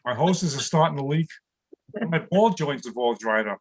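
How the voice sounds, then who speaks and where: An older man in his sixties, from New York City, works through a stand-up set on a video call from his home studio. His voice sits a touch high for a man, and he laughs along at his own punchlines. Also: expressive, moderate pace. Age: 60s. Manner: punchline-driven, chuckles at own jokes. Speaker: stand-up comedian.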